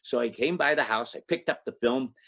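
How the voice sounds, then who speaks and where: An older man from Toledo, Ohio, in his eighties, holds a club audience with a rambling personal anecdote. His voice sits at an ordinary male pitch, and he chuckles often and jumps up in pitch when playing the other people in his tale. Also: a little fast, gravelly. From Toledo, Ohio, United States. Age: 80s. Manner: lively raconteur, acts out quoted dialogue with raised pitch; chuckles between lines, frequent restarts. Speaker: guest speaker.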